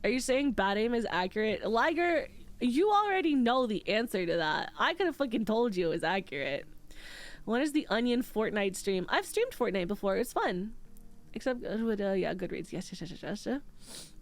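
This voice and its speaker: A woman's voice: medium pitch, big pitch swings, normal speed. A woman streamer, nose stuffy after crying, chatting casually and reading out her chat, candid and swearing freely.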